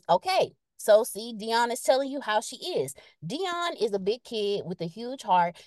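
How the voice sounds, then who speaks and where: A woman chats on a podcast in a lively, expressive way, reading out viewer comments. Her voice sits a little high and swings widely in pitch. The sound is dry and close. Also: no echo. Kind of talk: casual live-stream chat.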